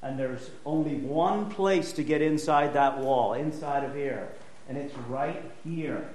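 Male pastor, mid pitch, casual teaching sermon, repeats words for stress. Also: measured pace, a little mellow. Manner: conversational, emphatic repetition.

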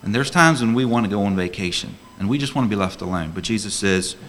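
Male deacon preaching in church; ringing tone, animated rise and fall, pressing the congregation with questions. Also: on the low side, fast, slight background noise. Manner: earnest, rhetorical questions, emphatic. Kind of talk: sermon.

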